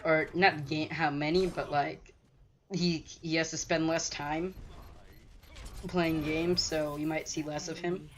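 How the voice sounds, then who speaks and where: A man's voice: a little high, level tone, slow pace, a little hiss or hum. A teenage boy co-hosting a gaming chat, joking and teasing his friend. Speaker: gaming channel co-host. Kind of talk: casual chat over a game call.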